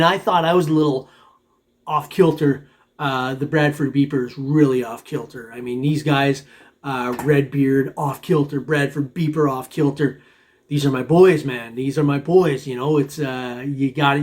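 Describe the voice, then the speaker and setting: A man hosting a metal detecting channel chats loosely with his viewers in a rambling vlog, chuckling often and calling everyone "man." His medium-pitched voice is steady, at a moderate pace.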